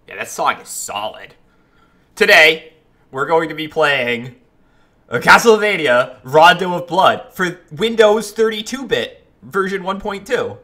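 A man's voice: mid-range voice, sharp tone. A man chatting casually while streaming a game, greeting viewers and reacting to it. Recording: game music playing behind. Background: faint game music.

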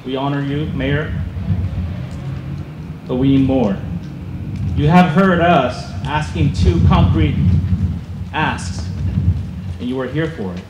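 A man speaking at an outdoor rally, slowly putting rhetorical questions to the crowd before introducing the next speaker. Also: fairly high pitch. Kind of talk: impassioned rally speech. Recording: echoey outdoor PA sound with traffic noise.

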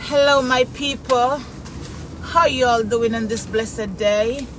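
A woman's voice: fairly high pitch, takes it slowly, a bit bright. A Jamaican woman chatting casually with her live-stream viewers while she drives, greeting them by name in patois-flavored speech. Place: inside a car in traffic. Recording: noisy car, road noise behind.

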